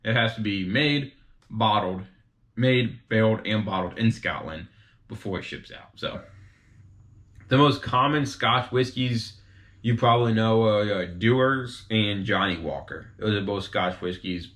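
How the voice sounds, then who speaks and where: A man's voice: fairly low pitch, measured pace, a bit bright. A man hosting his own show, casually explaining to viewers in a chatty, informal way with frequent asides to the audience. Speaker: host explaining whiskey types.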